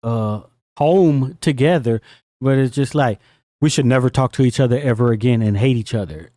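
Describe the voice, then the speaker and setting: Man cohost, chill and slangy, mellow voice, dry sound, keeps asking why. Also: mid-range voice, moderate pace, dry recording. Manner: relaxed, slangy, asks questions. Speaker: podcast co-host. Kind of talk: casual film discussion.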